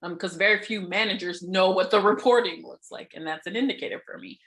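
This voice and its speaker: A bright-voiced woman hosting a casual podcast interview. She talks in an animated, expressive way, often laughing mid-sentence and swearing freely. Her tone is lively and conversational. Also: mid-range voice, brisk. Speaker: podcast host.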